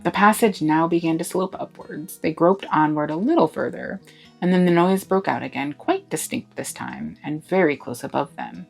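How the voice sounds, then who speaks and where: Low, gravelly woman reading a storybook. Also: normal speed, faint music behind, rough recording. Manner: expressive, lively narration. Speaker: storybook reader. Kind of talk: reading a classic novel aloud.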